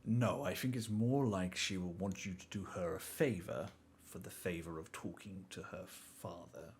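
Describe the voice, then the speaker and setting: A man doing a calm, formal older guide. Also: low-pitched, slight background noise, pitched below the performer's own voice. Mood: measured. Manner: formal, measured speech.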